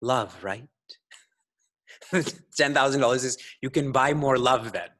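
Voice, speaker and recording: A man's voice: mid-range voice, unhurried, fairly bright tone. A man, a spiritual teacher, giving a scripture talk to a congregation in a playful way, laughing often and putting questions to his listeners.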